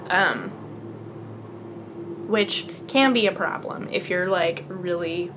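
A woman's voice: lowish voice, slow, pauses often, fairly bright tone, a little hiss or hum. Earnest rambly woman podcast host. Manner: rambly, earnest, frequent fillers and laughs. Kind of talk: casual storytelling.

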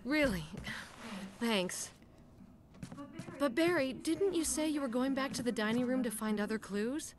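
A woman's voice: sits high, a little slow, long pauses. An actress playing a young female agent in a game who calls out in alarm. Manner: alarmed, pleading. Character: young woman agent trapped, calling for help. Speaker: game character.

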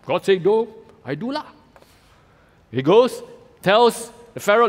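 A man with a Malaysian English accent preaching a sermon as pastor, telling the story with animated acted-out voices. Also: high voice, measured pace, pauses often. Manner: animated storytelling, acting out voices in quoted lines. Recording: long reverb of a church hall.

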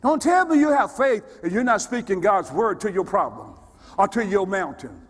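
A man preaching a sermon, his voice pitched unusually high and rising and falling with lively swings. He moves from steady teaching to shouted questions thrown back at the congregation. The sound rings with the long reverb of a church sanctuary. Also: moderate pace. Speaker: pastor.

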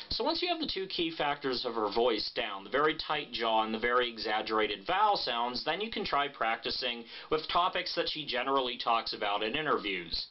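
A man's voice: mid-range voice, a little fast, few pauses. A man vlogging casually, joking and blunt, swearing freely as he talks. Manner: animated, joking, blunt and profane. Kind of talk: casual vlog talk. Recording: muffled lo-fi sound.

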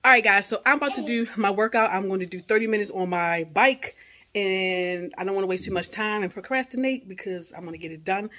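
A woman's voice: medium pitch, a little fast, sharp tone. A woman in her forties, a mother, chatting casually to viewers from her home kitchen and calling them y'all. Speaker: vlogger, mother of two. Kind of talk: casual home vlog chat.

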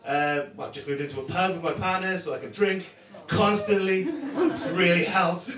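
A man performing a stand-up comedy set on a club stage, with a deadpan, self-mocking delivery full of swearing. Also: high-pitched, normal speed. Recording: echoey room, distant mic, loud crowd noise.

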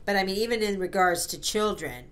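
A woman's voice: medium pitch, lively intonation, a little fast, fairly bright tone. Woman co-host, mid-range voice, easy conversational delivery. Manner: conversational, with a habit of saying "right?". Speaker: podcast co-host. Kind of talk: casual chat.

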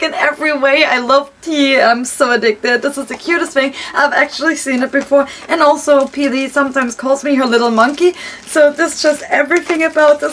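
A young woman vlogging casually as she unwraps gifts, gushing and excitable and swearing freely. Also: high voice, normal speed, a little hiss or hum. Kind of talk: casual unboxing vlog.

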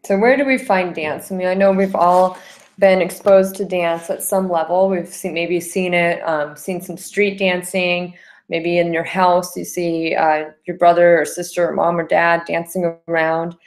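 A woman lecturing a class on dance in a fairly low voice. She explains definitions step by step, checks in with "okay?" and counts beats aloud to show a rhythm. It sounds like a classroom talk. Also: fairly even intonation, unhurried. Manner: explanatory, frequent "okay?" and "um" fillers. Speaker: dance instructor.

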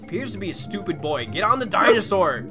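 A man streaming a video game, reacting loudly with frequent swearing and excited outbursts. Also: sits high, a little fast. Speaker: gameplay streamer. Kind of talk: live game commentary. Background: game music.

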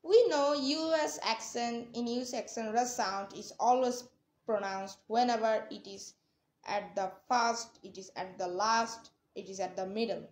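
A woman teaching pronunciation, speaking slowly and carefully and repeating each example word. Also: fairly high pitch, fairly even intonation. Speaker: language teacher. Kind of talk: pronunciation lesson. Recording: echoey room.

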